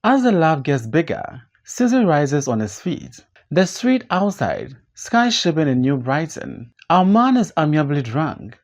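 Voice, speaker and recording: An audiobook reader narrating the stage directions of a play in a plain, steady way. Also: mid-range voice, measured pace, hardly any pauses.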